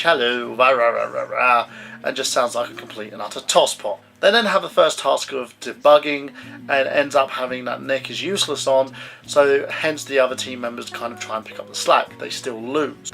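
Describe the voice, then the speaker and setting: A young man with a bright, gravelly voice talks through a film review. He is blunt, chatty and opinionated. Faint music plays behind him. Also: medium pitch. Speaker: movie reviewer.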